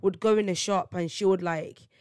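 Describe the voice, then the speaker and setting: A woman's voice: medium pitch, fairly even intonation, moderate pace, a little mellow, clear, resonant tone, dry recording, clean studio sound. A woman hosting a casual solo podcast. She tells slangy stories animatedly, laughs often and acts out what people said. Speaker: podcast host.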